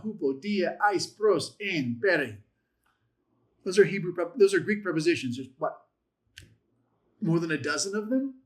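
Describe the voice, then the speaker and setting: A man's voice: a little high, fairly bright tone. Encouraging man teaching a Bible class. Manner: conversational, encouraging, jokes with the class. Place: church classroom.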